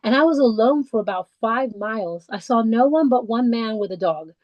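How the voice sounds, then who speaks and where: A woman guest on a podcast, telling her own story in a halting, heartfelt way with many restarts and fillers. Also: fairly high pitch, expressive, dry recording, lo-fi sound. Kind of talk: personal conversational storytelling. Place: lives in the English countryside.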